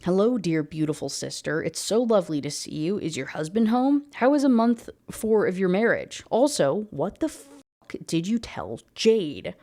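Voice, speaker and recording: A woman's voice: on the low side, very animated, normal speed, dark tone. A woman reading as a curt brooding alien warrior man. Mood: exasperated.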